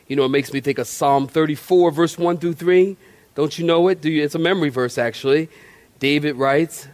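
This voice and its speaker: A man, a pastor preaching a sermon in a church, folksy and conversational with playful asides. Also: a little high. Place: church sanctuary.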